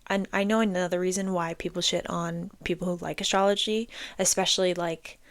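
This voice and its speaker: A woman's voice: lowish voice, steady tone, fairly quick, dry recording. Young woman rambling emphatically into her phone. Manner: rambling, heavy use of "like", emphatic swearing. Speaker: podcast host. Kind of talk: casual solo monologue. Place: indoors under an air vent. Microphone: phone recording.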